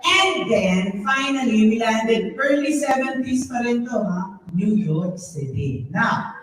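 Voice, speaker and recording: A Filipina woman tells a comic story from a concert stage, slowly and with relish. She imitates the voices of the people in her story and laughs as she goes. The recording is distant, and the voice echoes through a hall with faint ambience. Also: mid-range voice. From Philippines. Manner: animated, mimics voices, laughs at own jokes. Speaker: singer telling stories on stage.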